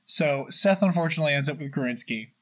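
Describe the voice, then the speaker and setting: Young male podcast co-host, casual storyteller, rambly, filler-heavy, slightly higher voice. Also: fast talker, a bit bright, low-quality recording.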